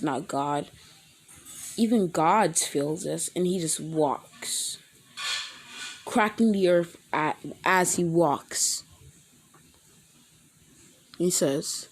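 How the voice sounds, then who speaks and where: A woman telling a made-up fan story off the cuff, rambling and often correcting herself. Her voice is husky and a bit low, and she talks slowly. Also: darkish tone. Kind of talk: casual improvised storytelling.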